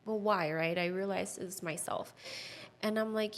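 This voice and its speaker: A woman in her thirties giving a personal testimony as a podcast guest, earnest and heartfelt, with lots of "like" fillers and a hushed voice at tender moments. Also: mid-range voice, measured pace, slight background noise. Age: 30s. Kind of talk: personal testimony in casual conversation.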